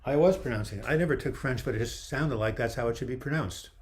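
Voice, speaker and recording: A man's voice: mid-range voice, fast. A man hosting a casual live video chat, reading out viewer comments and joking around, his voice starting to go. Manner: chatty, reads viewer comments aloud, jokes around. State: losing his voice. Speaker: livestream host answering viewer questions. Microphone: webcam livestream.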